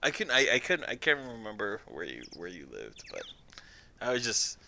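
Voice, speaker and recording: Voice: medium pitch, wildly swooping pitch, normal speed, gravelly, bright, forceful tone, a little hiss or hum. Hesitant, rambling game streamer. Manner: hesitant, rambling, self-deprecating. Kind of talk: let's-play reading and chatting with viewers.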